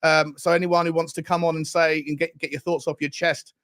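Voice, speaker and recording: An excitable man hosting a football fan live stream. He laughs often, bursts into cheers and reads out viewers' comments in casual chat. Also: on the high side, fairly quick. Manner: excitable, laughs a lot, shouts out chat names.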